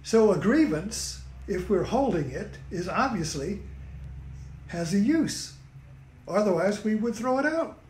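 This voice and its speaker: A man with a fairly high voice giving a loose, rambling spiritual talk, forever tagging on "you see" and "you know". His voice echoes around a roomy space. He sounds unhurried and conversational. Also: big pitch swings, darkish tone, a little hiss or hum. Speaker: spiritual teacher. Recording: roomy echo.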